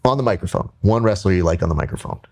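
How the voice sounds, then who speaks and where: A man who works as a speech coach, hosting and giving instructions in an animated chat. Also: deep voice, rapid-fire.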